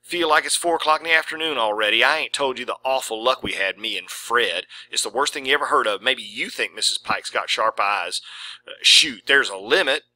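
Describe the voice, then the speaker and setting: A man's voice: medium pitch, a little fast, bright, forceful tone, low-quality recording. A man reading the lines of a vain, gossipy female beautician aloud in a chatty drawl. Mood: complaining.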